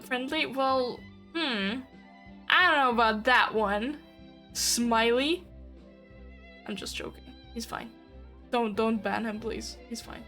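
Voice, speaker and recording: A woman streaming a video game, talking casually in an excitable way, swearing freely and laughing often. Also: fairly high pitch, slow pace, long pauses, faint music behind. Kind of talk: casual gaming livestream.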